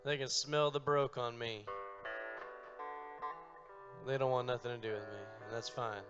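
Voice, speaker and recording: A man telling a long, profane, deadpan story on stage between songs. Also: mid-range voice, unhurried, muffled recording, over music. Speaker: comedic storyteller and musician. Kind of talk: stand-up storytelling.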